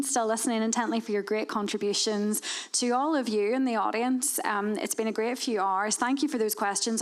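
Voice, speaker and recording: A woman moderating a panel discussion, wrapping up briskly and thanking guests in a friendly way. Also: a little high.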